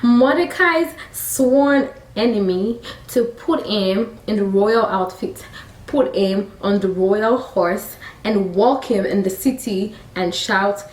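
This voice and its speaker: A Nigerian woman retells a Bible story casually and with animation, dropping in chatty, laughing asides. Her voice sits at a middling pitch. The recording sounds roomy, with the mic some way from her. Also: slow pace, a little mellow, recorded from a distance. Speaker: faith storyteller, vlogger.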